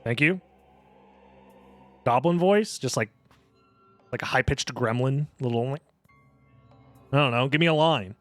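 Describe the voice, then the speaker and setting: A young man casually commentating a live video game tournament in a rambling, jokey, excitable way. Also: medium pitch, unhurried, pauses often, dry recording, faint music behind.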